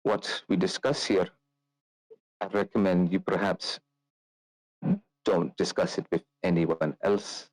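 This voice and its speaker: An ailing old noblewoman, shrewd and secretive, pleads in formal, measured phrases, as a man with a low voice puts her on a few steps above his own. She has little strength left, but she is resolute. The recording is close and dry. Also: steady tone, darkish tone, no echo, poor audio. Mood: grave. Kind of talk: tabletop role-play.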